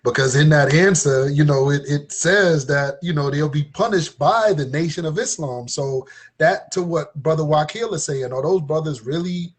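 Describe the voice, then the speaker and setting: A man's voice: fairly high pitch, moderate pace. A man co-hosting a casual discussion, chiming in with brief agreements and stammering starts as he adds his point.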